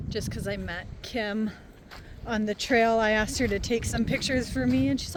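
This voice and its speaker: A woman's voice: on the high side, fairly even intonation, normal speed. A woman vlogging casually while hiking outdoors, chatting in a rambling, self-deprecating way into a handheld camera. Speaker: van life vlogger. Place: outdoors on a windy desert trail. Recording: loud wind noise.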